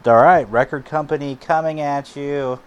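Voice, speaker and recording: A man co-hosting a radio show in casual banter, easygoing and quick to laugh. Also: fairly high pitch, smooth, highs cut off. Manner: slow, easygoing, laughs often.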